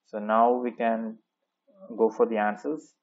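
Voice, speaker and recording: A man's voice: lowish voice, flat delivery, a little slow, lo-fi sound. A male French teacher explaining grammar step by step in a patient classroom manner, often checking in with the listener.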